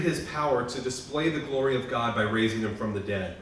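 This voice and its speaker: A pastor delivers an earnest, heartfelt memorial sermon in a lodge hall, swinging from loud, pressing lines to hushed ones. He's animated and fairly quick, his voice booming around the echoey room, recorded from a distance with a faint hiss underneath.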